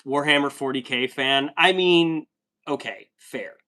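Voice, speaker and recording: Man in his thirties, casual livestream talk, laid-back, joking, reads chat aloud, mid-pitched voice. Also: unhurried, bright, forceful tone. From United States.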